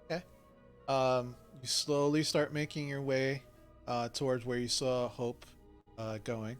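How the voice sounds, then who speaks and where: A man narrating as game master, telling the scene in a relaxed way with many fillers. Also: medium pitch, measured pace, smooth, faint music behind. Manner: filler-heavy, relaxed storytelling.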